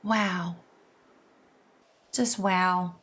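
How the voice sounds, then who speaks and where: A woman streamer chatting casually as she reacts to videos, excitable and gushing, swearing freely. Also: fairly low pitch, very slow. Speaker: VTuber streamer.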